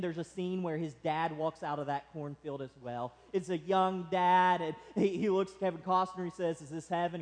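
A man preaching a sermon, swinging from loud impassioned pleading to hushed, quiet passages. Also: a little high. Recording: long hall reverb.

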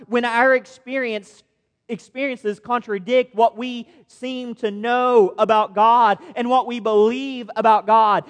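A man's voice: very high-pitched, fairly bright tone. A man preaching a sermon as a pastor, earnest and posing rhetorical questions to his listeners. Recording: long reverb of a large hall.

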